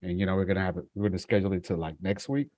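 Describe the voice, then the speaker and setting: A man with a fairly low voice chats with friends about his job. He talks in a loose, slangy way, full of "you know". The recording is dry and close. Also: racing, no echo. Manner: relaxed, slangy, lots of fillers. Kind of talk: casual chat.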